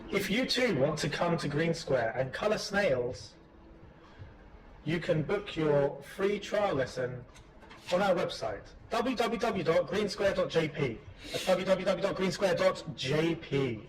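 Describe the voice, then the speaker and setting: A man's voice: a little high, lively intonation, measured pace, noisy background. Playful man chatting on a podcast. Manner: playful, jokey, loose. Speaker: podcast co-host and English teacher. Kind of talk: casual podcast chat. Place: English school in Tokyo.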